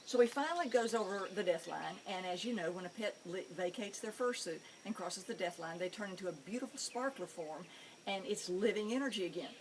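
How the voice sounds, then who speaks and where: Animated woman telling pet stories. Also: medium pitch, a little fast, a little hiss or hum. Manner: animated, amused storytelling. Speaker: pet psychic show host. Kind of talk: storytelling monologue.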